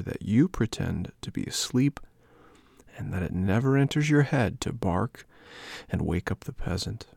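A man voicing a hushed, coaxing polecat. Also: sits low, vocal fry, husky, no room sound, heavily acted. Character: sly soft-spoken male polecat, scheming thief. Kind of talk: storybook reading.

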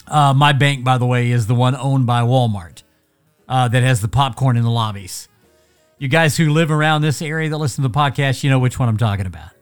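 A man hosting a podcast, ranting sarcastically in a casual monologue. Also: medium pitch. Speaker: podcast host.

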